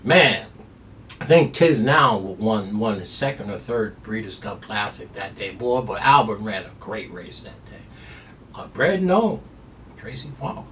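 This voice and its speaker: Excitable man picking horses. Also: lowish voice, far from the mic, a little hiss or hum. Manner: excitable, drawn-out emphatic lines, folksy "y'all". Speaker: horse racing handicapper. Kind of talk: race preview and picks.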